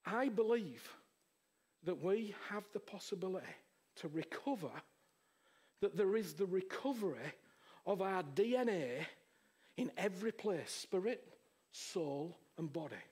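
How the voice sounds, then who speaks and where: A man preaching a sermon. He is impassioned and keeps asking the audience rhetorical questions, swinging between hushed near-whispers and loud exclaiming. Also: high voice, animated, measured pace, pauses often, slightly rough.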